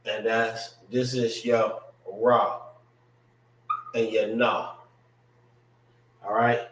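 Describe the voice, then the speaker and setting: A man teaches a language class at an unhurried pace, breaking words into syllables and repeating them. He talks loosely and conversationally. His voice carries a roomy echo from the space he is in. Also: lowish voice, flat delivery, fairly bright tone, slight background noise. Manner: slow, repetitive, drills pronunciation syllable by syllable; loose, conversational phrasing with frequent "know what I mean".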